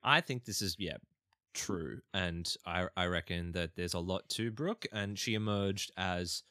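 A man's voice: low-pitched, unhurried, pushed and bright, no room sound, studio quality. A young man co-hosting a podcast, chatting casually and playfully. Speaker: podcast co-host. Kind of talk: casual recap chat.

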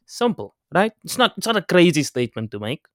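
A man's voice: a little high, very animated, fairly quick, dry recording, studio quality. A young man co-hosting a podcast, joking and boasting in casual banter, often restarting his sentences. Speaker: podcast co-host.

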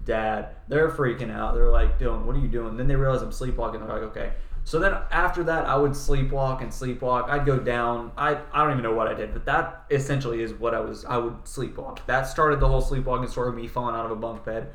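A man's voice: mid-range voice, steady tone, quick pace, a bit bright, reverberant. A man co-hosting a podcast in casual chat, telling stories in a loose way full of fillers. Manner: loose, filler-heavy storytelling. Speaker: podcast co-host.

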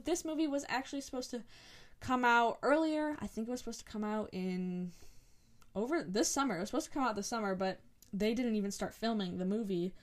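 Chatty young woman podcaster rambling excitedly. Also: a little high. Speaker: podcast host. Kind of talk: casual solo episode talk.

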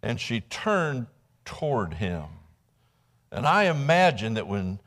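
Preaching in a church sanctuary, a Midwestern American man with a very animated, fairly bright mid-range voice takes his time. His sermon is told like a conversation, with dramatic acted-out quotes and frequent restarts where he repeats words.

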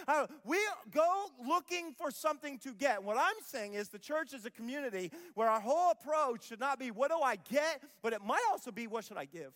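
Emphatic high-voiced male pastor preaching. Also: very animated, fairly quick, few pauses, a bit bright, in a large hall. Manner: emphatic, repeats phrases, acts out quoted voices. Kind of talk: sermon. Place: church auditorium.

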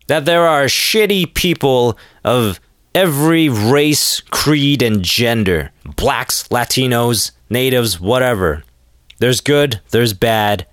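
A man delivers a heated, profane monologue, full of sarcasm and mocking asides. His voice sits in a middle pitch. The sound is dry and close, with no room echo. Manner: sarcastic, profane, mocks others in quoted voices. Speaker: podcast host. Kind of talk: ranting monologue.

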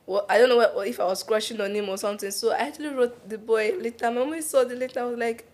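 Young woman, Nigerian accent, fairly high voice, animated storytelling, laughs often, casual podcast chat. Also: fast. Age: young adult. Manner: animated, laughing, slips into pidgin. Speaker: podcast co-host.

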